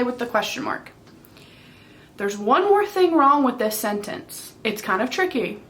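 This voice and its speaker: A young woman teaching a writing lesson to small children, slow and patient as she explains each step. Her voice sits a little high. A faint hum of room noise runs underneath. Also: a bit bright. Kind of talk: early-grade writing lesson.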